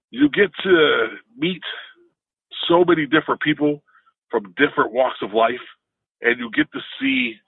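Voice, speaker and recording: A man co-hosting a podcast, telling a story in an animated, casual way. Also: gravelly, breathy edge, dry recording. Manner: animated, jumps into higher pitch when telling a story. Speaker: podcast co-host. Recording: tinny phone-like dry sound.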